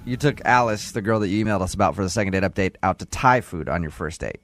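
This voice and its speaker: A man's voice: low voice, fast, fairly bright tone, slight background noise. A man hosting a morning radio show, joking and teasing his callers.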